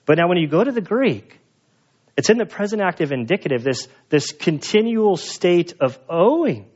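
Man, pastor, sermon, casual storytelling, fairly high voice, dull lo-fi recording. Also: sing-song, normal speed, a little mellow. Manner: casual storytelling, conversational with fillers.

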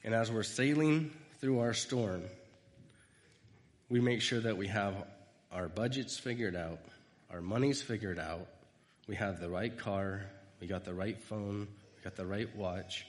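A man's voice: lowish voice, measured pace, long reverb tail. A man giving an informal sermon, rambling through personal stories and acting out quoted lines. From United States. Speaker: speaker giving a devotional talk.

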